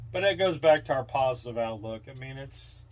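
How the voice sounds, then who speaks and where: A man's voice: mid-range voice, lively intonation, fairly quick, lo-fi sound. A middle-aged man co-hosting a casual podcast, telling a rambling story and acting out the quoted lines, mentioning brain fog. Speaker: podcast co-host. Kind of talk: casual chat.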